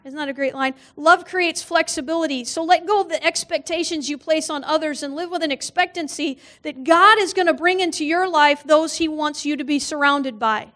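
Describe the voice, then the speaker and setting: Woman guest preacher, high voice, funny storyteller who acts out the voices in her stories. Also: normal speed, few pauses, fairly bright tone. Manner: humorous storytelling, acts out quoted voices, laughs often. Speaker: guest speaker. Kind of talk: sermon with personal stories. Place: church.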